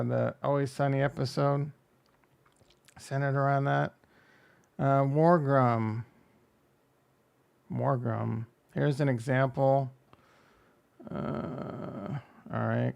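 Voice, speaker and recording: A man's voice: mid-range voice, fairly even intonation, takes it slowly, vocal fry, long pauses, darkish tone, clean tone. A man hosting a casual crypto livestream, rambling and joking as he reacts to chat and runs through coin prices. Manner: rambling, jokey, self-deprecating, reads chat aloud.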